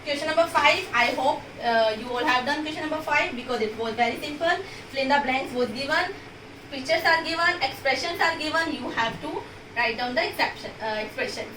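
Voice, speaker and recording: A woman teacher with an Indian English accent, giving a recorded class lesson and patiently explaining each step while repeating words slowly. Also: high voice, noisy background. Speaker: school French teacher. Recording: echoey room, mic at a distance.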